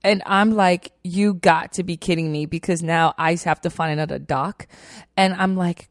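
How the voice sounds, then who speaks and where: Young woman rambling through a story, kinda low voice, dry close sound. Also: moderate pace, no echo. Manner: animated, chatty, lots of fillers. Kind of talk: casual storytelling.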